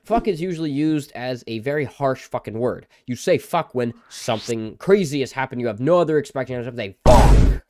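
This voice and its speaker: A man's voice: mid-range voice, lively intonation, fairly quick, dark tone, no echo, studio quality. A man reviewing a show in a mock rant, swearing constantly with a sarcastic edge. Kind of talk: profanity-laden mock rant.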